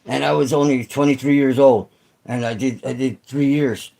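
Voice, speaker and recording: A man's voice: medium pitch, steady tone, moderate pace, creaky, dark tone, rough recording. A middle-aged man hosting a casual livestream chat with viewers, rambling and swearing, full of fillers and restarts. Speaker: channel host.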